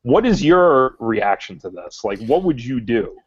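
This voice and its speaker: A man's voice: medium pitch, very animated, measured pace, husky, no room sound, dull audio. A man co-hosting a podcast, arguing and swearing in casual banter. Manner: profane, argumentative. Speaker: podcast co-host.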